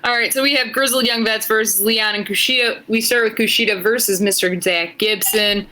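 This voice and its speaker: A woman's voice: a little high, steady tone, brisk, pushed and bright, poor audio. A woman co-hosting a podcast, giving a casual, swearing play-by-play recap of wrestling matches. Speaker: podcast co-host. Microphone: headphones.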